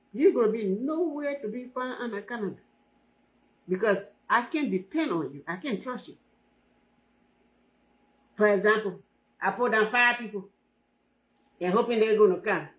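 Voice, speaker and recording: A woman's voice: mid-range voice, moderate pace, long pauses, lo-fi sound. A woman running her hair braiding business, talking to viewers on a live stream, emphatic and repeating herself, often asking "hmm?". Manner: emphatic, repeats phrases, often asks 'hmm?'.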